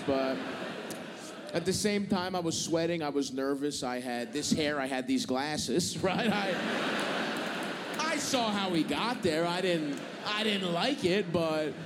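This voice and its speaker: A man doing stand-up, his slightly raised voice ringing through a large theater with a long tail of reverb. He tells the story profanely and with growing exasperation, switching between himself and the people he argues with. Audience noise sits clearly under the live recording. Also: a little high. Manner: profane, exasperated, acts out both sides of arguments. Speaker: stand-up comedian.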